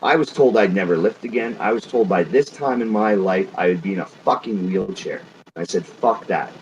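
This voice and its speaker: A man's voice: deep voice, a little fast. A man from Canada giving a blunt, profane and defiant motivational talk. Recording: dull lo-fi audio with faint noise.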